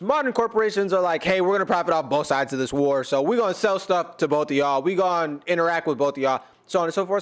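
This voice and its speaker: An American man with a slightly raised pitch rambles through casual reaction commentary. He jokes, trails off and restarts often, leaning on fillers as he thinks aloud. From United States. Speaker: reaction YouTuber and rapper.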